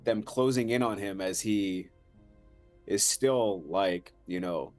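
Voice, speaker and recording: A man telling his character's actions in a tabletop game, halting and searching for words with many fillers. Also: lowish voice, darkish tone, soft background music. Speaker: player.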